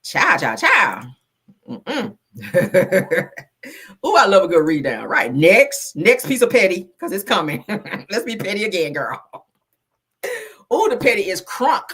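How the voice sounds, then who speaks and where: A woman's voice: mid-range voice, very animated, slow, pauses often, a bit bright, breathy edge. A woman hosting casual reality TV gossip commentary, sassy, blunt and full of slang. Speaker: host.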